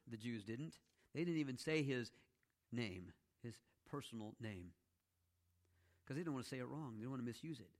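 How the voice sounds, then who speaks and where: Man preaching a chatty, animated sermon. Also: medium pitch. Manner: conversational teaching with frequent "okay?" check-ins; animated storytelling with playful asides. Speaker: pastor.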